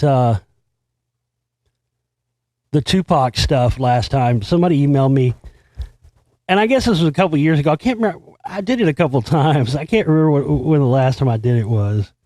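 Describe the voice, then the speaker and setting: A man's voice: a little high, warm tone, no echo. Rambling, profane American man host. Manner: rambling, profane, laughs at his own stories. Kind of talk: casual solo talk show monologue.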